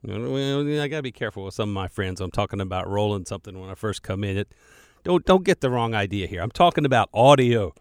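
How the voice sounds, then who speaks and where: A man's voice: on the low side, animated, quick pace, smooth, no echo. A man producing a radio show, chatting casually and digressing as he records a podcast alone in the studio. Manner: chatty, digressive, self-deprecating, repeats words. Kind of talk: rambling casual monologue. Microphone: studio microphone.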